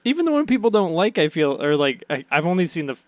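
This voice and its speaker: A man's voice: sing-song, quick pace, dry recording. Playful, rambling man on a podcast. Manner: playful, rambling, pitches goofy what-if ideas. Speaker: podcast co-host. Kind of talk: casual chat.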